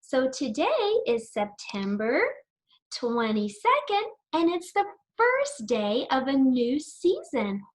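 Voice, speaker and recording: Middle-aged lady teaching little kids, takes her time, fairly high voice, keeps asking them questions. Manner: slow, sing-song and encouraging, with many questions to the children. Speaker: preschool teacher. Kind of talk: storytelling and circle-time lesson for young children.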